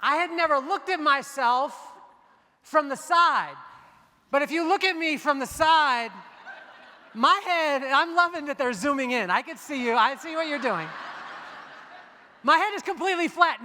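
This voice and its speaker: A man's voice: very high voice, expressive, moderate pace, bright, forceful tone. A man giving a motivational keynote speech on stage, telling stories and joking with the audience. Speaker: keynote speaker. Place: large hall on stage. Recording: long hall reverb.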